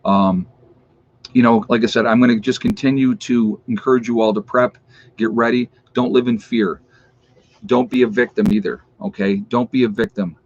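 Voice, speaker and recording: A livestream host reads out where his viewers are tuning in from, then earnestly urges them to get ready. His voice is medium-pitched and steady at a moderate pace. The audio is dull, lo-fi stream quality.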